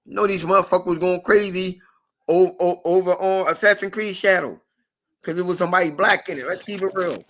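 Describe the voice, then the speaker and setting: A podcast host ranting in casual chat, profane and animated, and circling back on his own words. His voice sits high. It has a bright, forceful edge. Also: a little fast.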